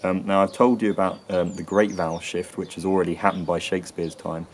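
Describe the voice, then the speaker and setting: English male presenter, low and even voice, hesitant explanatory delivery. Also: brisk, slight background noise. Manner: hesitant, frequent ums and restarts. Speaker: accent and linguistics presenter. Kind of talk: explanatory lesson.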